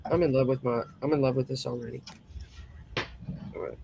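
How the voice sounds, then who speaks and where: A woman's voice: a bass voice, fairly even intonation, brisk, vocal fry, mellow, slight background noise. A woman hosting a casual crafting chat, talking as she works and tossing in folksy exclamations. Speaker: host.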